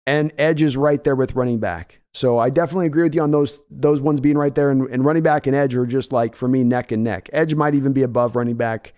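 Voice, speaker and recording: A man hosting a casual sports livestream, chatting in a joking, animated way and thanking viewers by name. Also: mid-range voice, fast talker, hardly any pauses, smooth. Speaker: sports show host.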